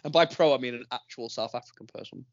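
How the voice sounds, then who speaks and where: A man's voice: medium pitch, fast talker, no room sound. A man hosting a podcast, chatting casually and rambling through plenty of fillers. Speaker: podcast host. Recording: dull, dry lo-fi recording.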